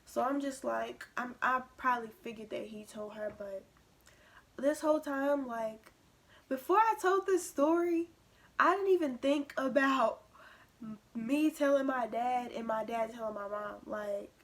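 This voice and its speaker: Young woman, vlogger, casual storytelling, slightly high voice, acts out quotes. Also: measured pace. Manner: animated retelling, acting out quoted lines.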